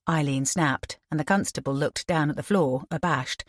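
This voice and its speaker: A woman narrating a crime audiobook in an even, measured reading. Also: sits low, no echo, studio quality. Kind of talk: scripted narration.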